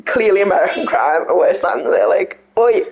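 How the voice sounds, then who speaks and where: A woman's voice: on the low side, lively intonation, brisk, muffled recording. A woman chatting casually and teasing while playing a game. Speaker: game player.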